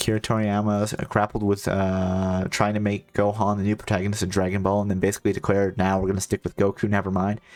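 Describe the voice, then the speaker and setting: Low-voiced man chatting on a game stream. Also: monotone, fast talker, few pauses, darkish tone. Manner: rambling, joking asides to chat. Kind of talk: casual let's-play chat.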